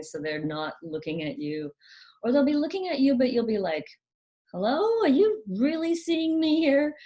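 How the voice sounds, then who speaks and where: A woman hosting her own channel, explaining things gently in a casual monologue, often hesitating with ums and restarting her sentences. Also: lowish voice. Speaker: channel host.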